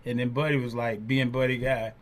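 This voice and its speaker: A man's voice: medium pitch, brisk. An older man hosting an interview, telling stories and acting out the voices of people he quotes. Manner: animated storyteller, acts out quoted voices. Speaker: podcast host, drummer. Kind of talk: storytelling interview chat.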